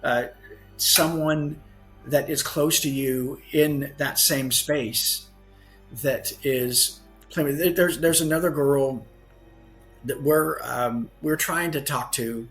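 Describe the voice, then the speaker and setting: A man's voice: on the high side, steady tone, slow pace, a bit bright, faint music behind. Man earnestly recounting a spooky anecdote. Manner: earnest anecdote telling with frequent self-corrections. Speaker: guest author. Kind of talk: storytelling in a podcast interview.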